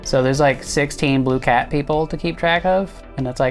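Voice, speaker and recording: A man's voice: on the high side, brisk, few pauses, soft background music. A man hosting a comedy show, ranting sarcastically and rambling while he gets his makeup done. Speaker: host.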